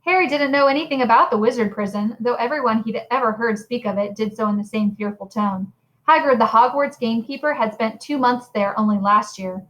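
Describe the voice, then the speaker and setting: A woman reading a novel aloud in an expressive, animated storytelling manner. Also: on the high side, low-quality recording. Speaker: reader.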